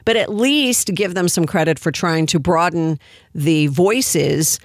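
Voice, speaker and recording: A woman's voice: lowish voice, slow, dry recording, clean studio sound. A woman hosting a political commentary show, talking in a sarcastic, indignant way. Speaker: commentary host.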